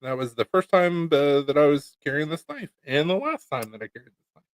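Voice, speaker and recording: A man's voice: fairly high pitch, sing-song, fairly quick, no room sound. A man co-hosting a casual chat show, telling laid-back stories and swearing casually. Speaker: podcast co-host, knife maker.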